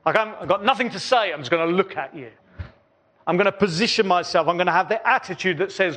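A man with a high-sitting voice preaches a sermon in church, talking fast and earnestly. His cadence is repetitive, and he often drops softer between phrases.

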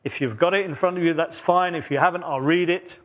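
A man with a high-pitched voice preaches a sermon in church. He speaks earnestly, building phrases through repetition and letting his voice fall quieter between them. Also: fairly quick, muffled recording. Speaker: pastor.

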